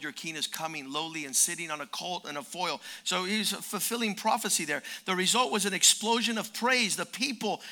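A man preaching a sermon as pastor, animated, jumping from quiet asides to loud shouts. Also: high-pitched.

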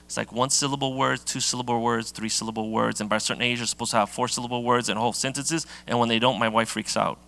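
A middle-aged pastor from giving a sermon in a casual, conversational way, with many fillers and restarts. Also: male voice, mid-range voice, fairly even intonation, quick pace, vocal fry, hardly any pauses, pushed and bright.

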